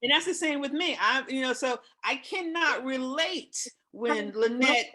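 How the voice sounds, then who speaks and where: Emotional, expressive woman in her fifties. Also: high-pitched, unhurried. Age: 50s. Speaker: talk show host. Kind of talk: casual chat.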